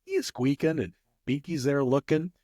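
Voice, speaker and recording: A man's voice: fairly high pitch, big pitch swings, normal speed, dark tone, no room sound, clean studio sound. A man telling a rambling casual story as an interview guest, with many restarts. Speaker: guest, craps player.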